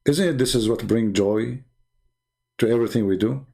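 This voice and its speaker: A man's voice: mid-range voice, moderate pace, vocal fry, warm tone. A middle-aged man whose first language is Arabic, hosting a late-night livestream, tired with a strained voice, talking in an emphatic, preachy way with non-native grammar. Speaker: online debate show host.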